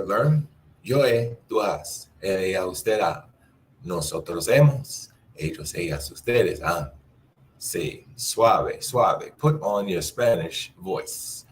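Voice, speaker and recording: A man teaching a Spanish class, explaining grammar and repeating words slowly for learners to echo. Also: sits low, a little hiss or hum.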